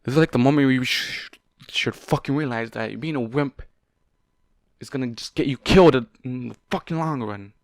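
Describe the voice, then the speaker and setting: A man's voice: medium pitch, moderate pace, no room sound, clean studio sound. A young man reading fan fiction aloud, breaking off to swear and rant at the characters.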